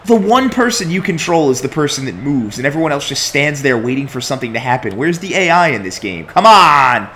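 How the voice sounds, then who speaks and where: A man's voice: mid-range voice, sing-song, quick pace, few pauses, fairly bright tone, slight background noise. A young man commenting on his own soccer video game play, complaining and swearing at his team. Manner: exasperated, complaining, swears often. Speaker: gaming commentator.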